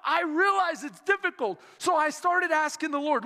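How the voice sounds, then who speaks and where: A male pastor preaching an impassioned sermon, telling stories dramatically and shouting at the high points. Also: normal speed, few pauses, long reverb tail.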